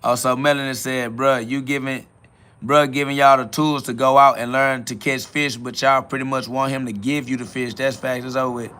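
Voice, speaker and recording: Blunt preachy man with a middle-pitched voice. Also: flat delivery, normal speed, pushed and bright, clear, resonant tone. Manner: preachy, blunt, quotes Bible verses, casual slang. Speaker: livestream host. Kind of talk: live self-talk stream, reading and answering chat.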